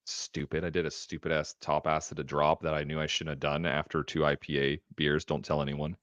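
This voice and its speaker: A man chatting as a guest on a live stream, laid-back and casual, swearing freely and trailing off into quiet mumbles. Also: extremely low pitch, little pitch movement, brisk, dry recording.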